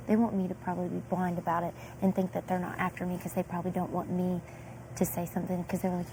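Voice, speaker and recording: A woman's voice: lowish voice, very fast. A young woman, a reality show contestant, talking in casual gossip and acting out what others said with lots of "like". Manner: animated, acts out quotes with filler "like". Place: indoor house. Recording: noisy room feed.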